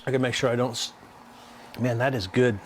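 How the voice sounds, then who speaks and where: A man hosting a live art stream, explaining his work in a halting, rambling way with lots of restarts. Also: mid-range voice, fairly even intonation, slight background noise. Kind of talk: casual live-stream chat while working.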